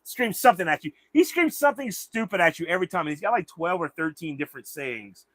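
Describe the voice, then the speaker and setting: A man's voice: a little high, animated, fast, fairly bright tone, no echo. Rambling, swearing livestream host, a man. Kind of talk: casual chat.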